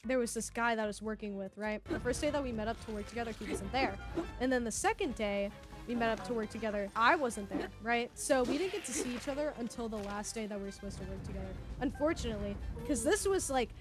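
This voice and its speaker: A woman in her twenties telling a casual story on stream, animated and full of fillers. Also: fairly high pitch, quick pace, over music. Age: 20s. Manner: animated, filler-heavy, laughs often.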